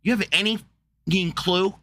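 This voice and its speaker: A man hosting a livestream, ranting in a blunt, profane, excitable way, with a wheezy laugh. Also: high voice, moderate pace, no room sound. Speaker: livestream host. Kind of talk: casual livestream rant.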